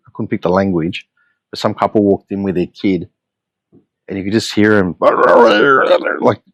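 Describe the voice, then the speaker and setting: A man's voice: low-pitched, no echo. An Australian man hosting a solo podcast, telling stories in a blunt, profane, exasperated way. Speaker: podcast host.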